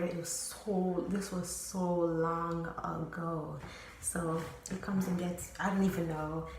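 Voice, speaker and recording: A woman's voice: on the low side, background noise. Candid woman storyteller in a very echoey room. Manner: candid, rambling, profane, lots of fillers. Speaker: storytime vlogger. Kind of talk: casual storytelling.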